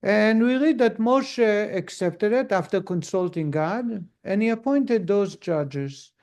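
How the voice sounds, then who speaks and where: High-voiced man teaching a lesson. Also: animated, slow pace, darkish tone. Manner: storytelling, asks the audience questions. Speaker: rabbi teaching a class. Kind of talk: conversational Torah lesson.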